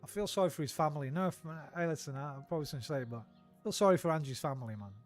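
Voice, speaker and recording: Guy streaming a game, fairly high-voiced, ranting and sweary, faint music under. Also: rapid-fire. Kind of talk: casual gameplay chat.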